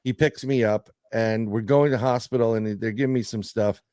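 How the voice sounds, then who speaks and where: A middle-aged man telling a story in casual podcast chat, animated and joking, with some swearing. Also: medium pitch, moderate pace, clear, resonant tone, dry recording, clean studio sound. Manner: animated storyteller, swearing, laughing through jokes. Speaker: podcast guest.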